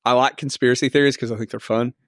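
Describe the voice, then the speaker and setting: A man's voice: mid-range voice, fairly even intonation, fast talker, no echo, studio quality. A man with an Oklahoma accent, co-hosting a casual podcast chat in an easygoing way, laying out ideas and agreeing often. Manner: easygoing, frequent short agreements, laughs along. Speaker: podcast co-host.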